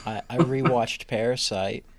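A man's voice: mid-range voice, fairly even intonation, unhurried, slight background noise. A man co-hosting a film podcast, giving brief, dry replies in casual chat. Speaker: podcast co-host.

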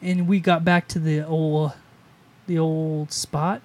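A man's voice: a little high, level tone, takes it slowly. A man co-hosting a podcast, telling stories in casual chat, swearing freely. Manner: profane, storytelling, does silly put-on voices. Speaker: podcast co-host.

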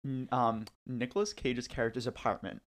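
A young man hosting a casual podcast chat, speaking at an everyday middle pitch. He retells film scenes eagerly, acting out lines from them and laughing as he goes. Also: moderate pace. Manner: animated storyteller, acts out quotes with laughs. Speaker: podcast host.

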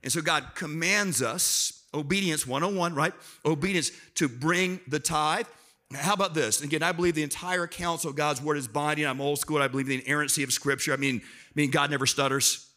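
Guest preacher, a man with a somewhat high, bright voice, joking with the congregation and calling for answers. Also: a little fast. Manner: lively, self-deprecating, talks to the crowd and prompts responses. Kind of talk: sermon to a church congregation. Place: church auditorium.

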